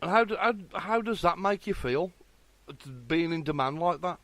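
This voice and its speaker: A male radio host speaks eagerly and heaps praise on his guest, often restarting mid-sentence. His voice sits a little high for a man. The recording is dry and close. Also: animated, fairly bright tone, no echo. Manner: enthusiastic, full of praise, halting restarts. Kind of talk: casual interview.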